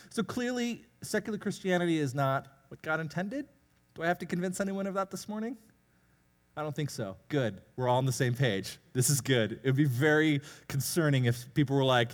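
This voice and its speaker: Lively-pitched man preaching in a reverberant hall. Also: brisk. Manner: candid, self-deprecating, conversational preaching. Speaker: youth pastor. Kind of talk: sermon. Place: church sanctuary.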